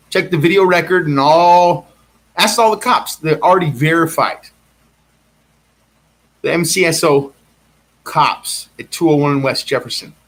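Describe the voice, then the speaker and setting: A man's voice: on the high side, fairly bright tone. A man delivering a rambling personal monologue, insistent and repetitive, circling back to the same claims again and again.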